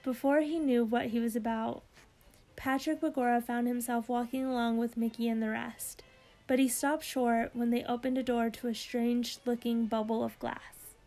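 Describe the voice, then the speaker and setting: A woman reading a children's storybook aloud in a lively, expressive way. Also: on the high side, normal speed, faint music behind. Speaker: narrator.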